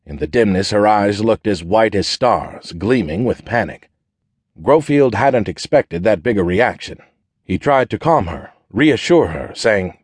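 A man narrating an audiobook in a measured, even storytelling manner. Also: lowish voice, slightly rough, no echo. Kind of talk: scripted narration.

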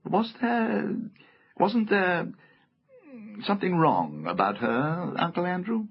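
Anxious young boy voiced by a man, raised and husky, urgent; muffled audiobook with faint music. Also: high-pitched, sing-song, slow, pitched above the performer's own voice, full character voice. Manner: urgent, pleading.

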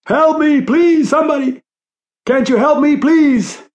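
A man voicing a panicked injured man who screams for help in a high, desperate voice. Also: fairly even intonation, measured pace, darkish tone, close to an everyday voice. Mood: panicked shouting.

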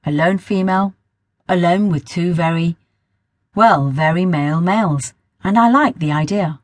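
A woman narrates a first-person story for an audiobook at a measured pace. Her voice has a soft husky edge. It is recorded on a close mic in a dry, dead room. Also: fairly low pitch, no room sound. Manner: measured storytelling, sometimes rereading a line.

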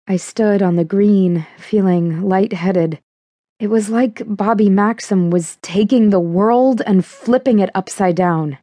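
A woman narrating a thriller audiobook in the first person, with a measured, even delivery. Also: medium pitch, no echo.

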